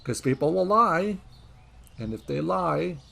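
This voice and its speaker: A man's voice: on the high side, lively intonation, measured pace, vocal fry, pushed and bright, breathy edge. A young man, chatting casually over gameplay and rambling through stories from his retail days. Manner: chatty, rambling anecdotes with frequent laughs. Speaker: gaming streamer. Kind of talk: casual gameplay commentary and storytelling.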